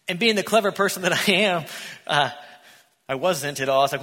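Bright-voiced preacher in an echoey church. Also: male voice, on the high side, brisk, pauses often. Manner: animated storyteller, acting out the characters. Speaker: pastor. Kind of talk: sermon. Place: church sanctuary.

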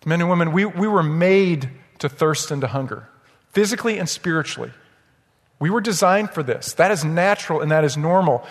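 A man's voice: on the high side, expressive, brisk, in a large hall. A man preaching a sermon as pastor, emphatic and often checking in with the congregation. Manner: emphatic, repeats "right?" to the congregation. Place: church sanctuary.

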